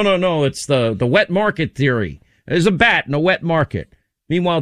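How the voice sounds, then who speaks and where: Man, talk radio host, sarcastic, combative, fairly high voice, dry studio sound. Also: fairly bright tone, no room sound. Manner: combative, sarcastic, rhetorical questions. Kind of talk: political talk monologue.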